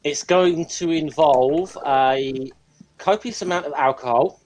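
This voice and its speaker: A man chats on a casual panel show. He rambles, hesitating and restarting his thoughts. His voice sits a little high. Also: darkish tone, poor audio. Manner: rambling, halting, lots of ums and restarts. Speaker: regular panelist. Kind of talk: casual group chat.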